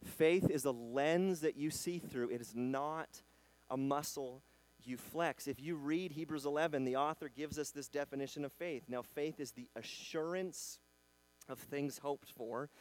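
A man preaching a sermon in a conversational style, acting out quotes and swinging between loud bursts and quiet emphasis. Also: on the high side, unhurried. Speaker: pastor.

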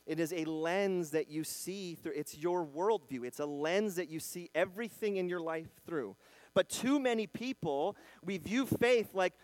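Swinging from loud outbursts to quiet emphasis, a male pastor delivers a conversational sermon and acts out the quotes. He is high-pitched, and the recording is dry.

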